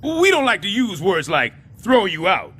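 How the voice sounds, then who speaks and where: An actor playing a loud, wisecracking, scheming middle-aged building super in an animated sitcom. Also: male voice, moderate pace, slightly rough, heavily acted. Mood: blustering. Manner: loud, wisecracking, swings wildly in pitch.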